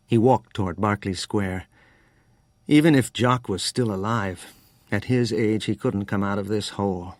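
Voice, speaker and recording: In a clean studio recording with no room sound, a man narrates an audiobook from a script. His pitch is fairly low and his storytelling delivery stays calm and even.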